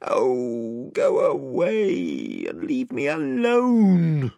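A man voicing a peevish seasick boy who whines in a high, irritable voice. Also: huge pitch swings, takes it slowly, gravelly, dry recording, studio quality, heavily acted.

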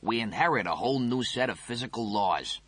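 A man's voice: medium pitch, expressive, brisk, fairly bright tone, no room sound. A man voicing a smug male talking toaster that lectures and teases, in an audiobook reading. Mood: lecturing. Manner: coy, teasing, lecturing.

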